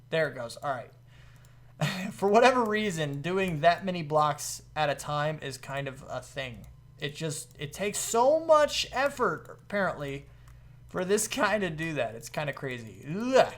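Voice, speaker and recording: A man giving casual commentary over his modded gameplay, excitable, laughing often and jumping to high-pitched exclamations. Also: moderate pace. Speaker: gaming video host.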